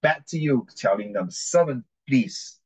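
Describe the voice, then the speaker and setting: A man's voice: mid-range voice, animated, normal speed, slightly rough, low-quality recording. Chatty man teaching an English reading class. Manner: chatty, repeats and corrects himself, mixes in Chinese.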